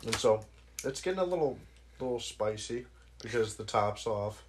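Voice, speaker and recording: A man's voice: medium pitch, expressive, normal speed, slight background noise. A young man in a casual chat, laid-back, chiming in to add to the story.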